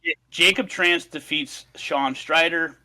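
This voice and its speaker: A man's voice: on the high side, slow, bright, forceful tone. A man on a casual podcast, recapping notes in an upbeat, slightly scattered way. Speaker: podcast co-host reading out history notes.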